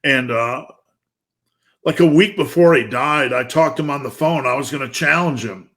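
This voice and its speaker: A man's voice: mid-range voice, moderate pace, a bit bright. A man in his fifties giving a blunt, intense motivational rant, swearing heavily. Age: 50s. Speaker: motivational speaker.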